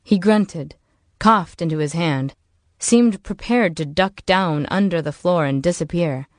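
A woman narrates a novel for an audiobook. Her delivery is measured and even, in a slightly low voice. The sound is dry and close to the mic. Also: no room sound. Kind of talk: scripted narration.

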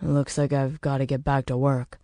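A woman voicing a hesitant young man, a dutiful son, in a low, plain voice. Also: little pitch movement, a little fast, dark tone, no room sound.

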